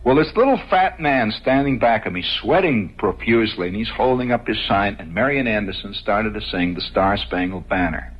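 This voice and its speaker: A man's voice: fairly low pitch, animated, moderate pace, hardly any pauses, husky. A man telling a rambling story on radio, chuckling as he goes. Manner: rambling, conversational, chuckling asides. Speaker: radio host. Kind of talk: storytelling monologue. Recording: dull lo-fi old radio recording.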